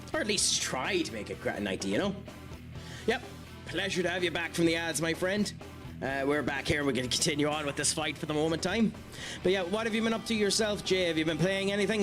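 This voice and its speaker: A man with an Irish accent streaming a video game live, chatting and joking with viewers between fights. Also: a little high. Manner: chatty and jokey, with many fillers. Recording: game music behind voice. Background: game music.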